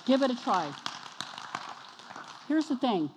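A woman preaching a sermon to her congregation, energetic and exhorting, often questioning the listeners. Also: fairly high pitch, slow, background noise. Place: church sanctuary. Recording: long reverb of a church hall.

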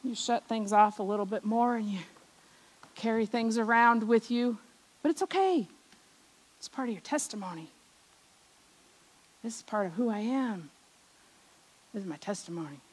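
A middle-aged woman preaching a personal testimony, telling stories from her childhood, acting out the voices she remembers and often trailing off softly. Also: fairly high pitch, moderate pace, pauses often, low-quality recording. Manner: storytelling, acts out remembered voices, drops soft at ends of lines. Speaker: speaker at a church service.

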